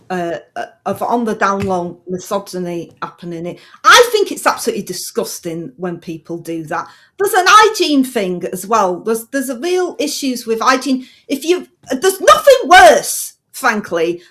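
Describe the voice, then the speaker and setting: A woman's voice: high-pitched, fairly bright tone. Woman doing a blunt politician. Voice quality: blunt, matter-of-fact, breezy slang. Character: brash blunt female politician, middle-aged. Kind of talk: comedy impression on radio.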